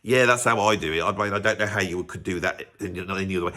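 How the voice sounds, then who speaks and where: A man's voice: sits low, fast talker, sharp tone. Rambling, teasing male vlogger. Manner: rambling, teasing, self-mocking asides. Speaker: YouTube music channel host. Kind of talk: casual vlog commentary.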